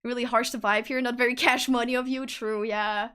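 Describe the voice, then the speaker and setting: A woman's voice: fairly high pitch, steady tone, brisk, pushed and bright, clear, resonant tone. A young woman streaming live, chatting casually and playfully with her viewers, often breaking into giggles.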